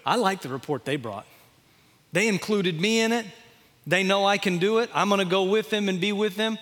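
A preacher doing a folksy, exasperated God. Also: male voice, high-pitched, moderate pace, a bit bright, in a large hall. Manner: paraphrasing in a drawling, homespun way. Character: exasperated folksy God, male, plain-spoken.

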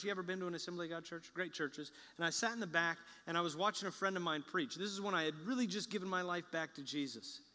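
A man preaching a sermon as a pastor to a large church congregation, talking conversationally and with humor, and building to bursts of excitement. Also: a little high. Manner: conversational and joking, with rising excitement. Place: large church sanctuary with a balcony. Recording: echoey large church hall.

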